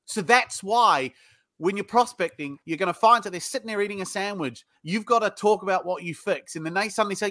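A middle-aged man with a British accent, talking in a high, bright voice. He is blunt and profane, and he acts out both sides of phone sales calls as he tells stories in a podcast interview. The recording is dry and close to the mic. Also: brisk, no echo. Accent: British English. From United Kingdom. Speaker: sales trainer, guest.

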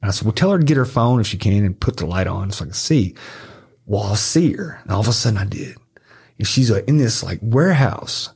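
A man, a podcast guest telling profane, animated stories and acting out the voices of the people in them. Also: lowish voice, fairly quick, gravelly, slightly rough. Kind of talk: casual storytelling.

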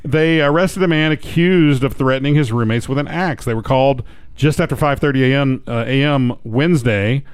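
A man's voice: mid-range voice, moderate pace, smooth, no echo. Wry middle-aged male co-host. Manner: sarcastic, wry asides while reading stories. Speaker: radio co-host. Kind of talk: talk-show news reading and banter.

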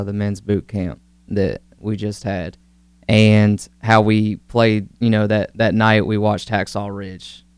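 Male co-host, rambling storyteller, crisp resonant voice. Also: on the low side, dry recording. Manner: rambling storyteller, animated retelling. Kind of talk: casual Christian discussion.

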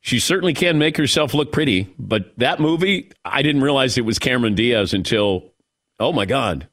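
A man hosting a sports talk radio show, chatting casually with jokes and quick asides. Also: mid-range voice, lively intonation, a bit bright, no room sound, studio quality. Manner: conversational, joking, quick asides. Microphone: studio broadcast mic.

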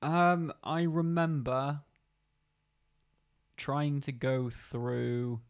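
A laid-back man in casual chat about a game, easygoing and agreeable. His pitch is mid-range, and he swears casually. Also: steady tone, extremely slow, smooth.

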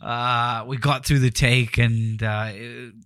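A man, a former player turned broadcaster, telling stories in a casual chat, laughing often and restarting sentences when excited. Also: medium pitch, slow pace, smooth, no echo.

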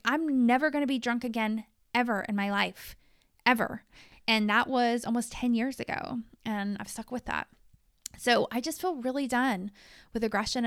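Woman host, 30s, frank confessional monologue, smooth voice, close dry mic. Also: fairly high pitch, dry recording. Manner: frank and confessional, with casual swearing. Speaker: podcast host. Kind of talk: candid personal monologue.

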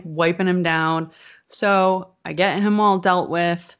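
A woman's voice: on the low side, slow pace, clean tone. A woman telling a story in a casual chat, rambling and full of "like" fillers. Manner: rambling, filler-heavy, animated retelling. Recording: slightly dull lo-fi sound.

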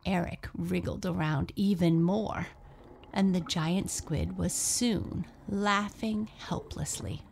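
A woman narrating a children's bedtime story in a slow, soothing storytelling manner. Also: on the low side, vocal fry, darkish tone, slight background noise.

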